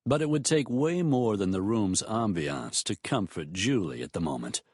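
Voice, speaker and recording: A man narrating a romance audiobook in a measured, expressive storytelling manner. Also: on the low side, slightly rough, dry recording, clean studio sound.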